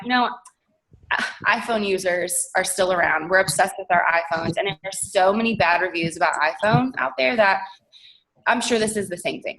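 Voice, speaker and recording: A young woman, chatting casually as a guest on a call and telling her story in an animated way. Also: mid-range voice, rough recording. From Texas. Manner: chatty, animated, laughs often.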